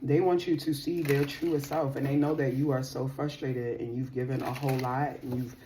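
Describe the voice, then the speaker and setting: A woman's voice: extremely low pitch, fairly even intonation, moderate pace, dark tone, a little hiss or hum. A woman giving a casual tarot reading to her viewers. She talks in a chatty, slangy, playful way and laughs often. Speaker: tarot reader.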